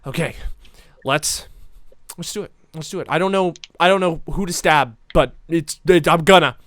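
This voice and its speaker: A man voicing a frightened young boy who stammers in a high, strained voice. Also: moderate pace, fairly bright tone, dry recording, clean studio sound, lightly acted. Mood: nervous.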